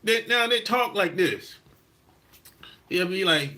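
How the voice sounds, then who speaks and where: A man from South Carolina, hosting a podcast and telling a story in a blunt, emphatic monologue with cursing and drawn-out stresses. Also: high voice, animated, sharp tone. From South Carolina, USA. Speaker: podcast host. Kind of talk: casual monologue.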